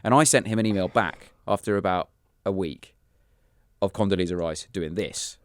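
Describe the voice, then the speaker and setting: A man's voice: deep voice, normal speed, no room sound. A British man in his thirties, a comedian telling funny stories on a podcast and acting out voices. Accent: British English. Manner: animated, acts out voices in anecdotes. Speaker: comedian guest. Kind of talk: casual podcast storytelling.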